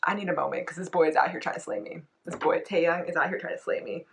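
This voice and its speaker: A young woman chatting casually about a music video, gushing with lots of fillers, giggling and breaking into high excited squeals. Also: fast, vocal fry. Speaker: K-pop reaction vlogger. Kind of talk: excited reaction commentary.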